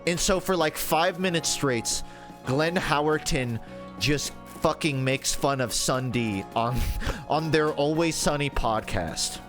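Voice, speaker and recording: A man's voice: fairly high pitch, slow, over music. Rambling, profane male streamer. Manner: rambling, profane storytelling with laughs. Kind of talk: casual livestream chat while gaming.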